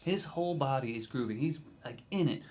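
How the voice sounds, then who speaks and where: A man teaching drums, explaining grooves in a relaxed, encouraging way, counting in and scatting rhythms. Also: medium pitch, a little fast, over loud music. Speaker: drum teacher. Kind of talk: instructional video talk.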